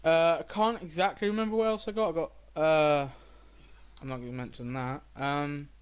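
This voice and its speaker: A young man co-hosting a casual podcast, telling animated stories and swearing freely. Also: fairly high pitch, normal speed, smooth. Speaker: podcast co-host. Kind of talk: casual chat.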